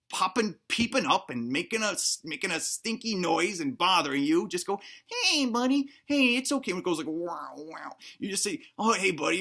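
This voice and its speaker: A man's voice: on the high side, fairly bright tone. A man as a rambling, mock-earnest know-it-all cop. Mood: cooing. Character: bumbling self-assured male cop giving absurd advice. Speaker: comedic self-help presenter. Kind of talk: deadpan comedy sketch.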